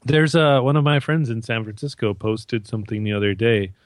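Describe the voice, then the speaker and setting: A man's voice: mid-range voice, steady tone, brisk, no echo, studio quality. A Canadian man co-hosting a podcast, rambling and joking with lots of fillers and restarts. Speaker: podcast co-host. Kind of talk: casual chat.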